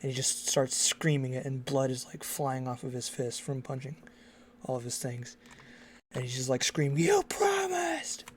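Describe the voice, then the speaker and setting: A man's voice: medium pitch, completely flat delivery, normal speed. Man narrating as game master. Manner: loose, filler-heavy narration.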